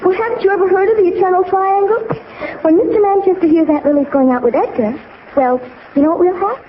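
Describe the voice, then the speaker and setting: A woman's voice: very high-pitched, fast talker. A bossy scheming teenage girl. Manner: bright, chirpy, bossy. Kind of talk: 1940s radio comedy acting. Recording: dull old radio broadcast with faint hiss.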